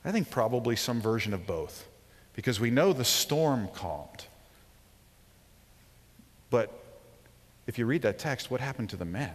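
A man in his forties preaches a sermon with animated storytelling, acting out the voices he quotes and sinking to a hush for emphasis. His voice sits at an ordinary mid pitch. It rings out with a long reverb in a large hall. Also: normal speed. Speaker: preacher and professor.

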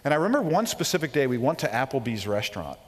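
A man in his forties preaching a sermon as a professor, telling stories animatedly, acting out quoted voices and dropping to a near hush. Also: medium pitch, very animated, racing. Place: large hall. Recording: long hall reverb.

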